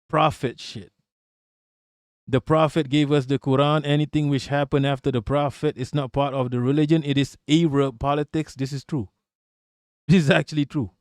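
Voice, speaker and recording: A man's voice: on the high side, dry recording, clean studio sound. A man giving a casual livestream rant as an online political commentator, emphatic and profane, firing off rhetorical questions and repeating himself.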